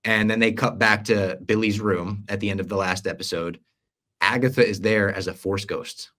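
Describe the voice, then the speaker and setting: A man's voice: lowish voice, normal speed. A young man on a casual podcast, recapping a series at length and acting out quoted lines along the way. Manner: animated storyteller, acts out quoted lines. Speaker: podcast co-host.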